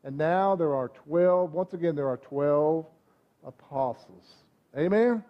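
A male pastor delivers a sermon in a relaxed, conversational way, checking in with the congregation. His voice sits high for a man. The recording sounds somewhat dull and muffled. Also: takes it slowly. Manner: conversational preaching, frequent "amen?" asides to the congregation.

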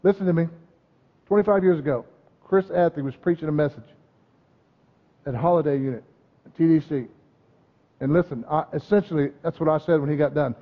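A high-pitched man preaches with emphatic, call-and-response energy, checking in with his listeners again and again. His voice rings with the long reverb of a large hall. The sound is dull and muffled. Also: expressive, a little fast, long pauses. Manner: emphatic, calls out "Amen?" and "right?" to the congregation. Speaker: pastor. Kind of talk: sermon.

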